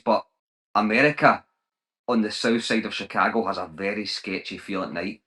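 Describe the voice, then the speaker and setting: A man's voice: lowish voice, a little fast, a bit bright. Chatty young Scottish man. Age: 20s. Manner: chatty, many restarts, colloquial slang. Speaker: guest, travel vlogger. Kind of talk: casual podcast conversation.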